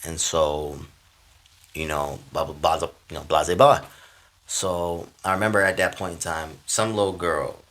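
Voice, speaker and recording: Male vlogger, storytime, lowish pitch with a sharp bright edge, slangy, jumps between hushed and loud. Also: a little slow. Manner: animated, slangy, swings between hushed asides and loud bursts. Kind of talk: casual storytime.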